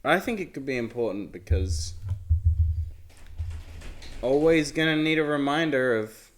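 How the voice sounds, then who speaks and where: A man's voice: mid-range voice, lively intonation, a little slow. A man co-hosting a casual podcast chat in a joking, teasing manner. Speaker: podcast co-host.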